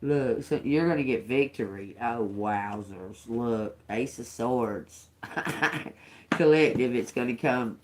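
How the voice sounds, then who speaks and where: A woman with a bass voice and a darkish tone takes her time giving a casual livestream tarot reading for her viewers. She's chatty, laughs often and swears freely.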